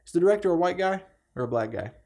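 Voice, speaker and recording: A man's voice: sits high, lively intonation, very fast, mellow. A young man co-hosting a podcast, chatting in an enthusiastic, slangy way and calling people "dude" and "man.". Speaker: podcast co-host. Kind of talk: casual chat.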